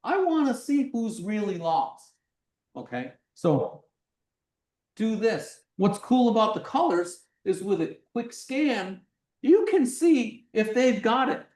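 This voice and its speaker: A middle-aged physics lecture demonstrator giving a live workshop presentation, animated and acting things out, sometimes projecting loudly. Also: medium pitch, takes it slowly, far from the mic. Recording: roomy sound from away from the mic.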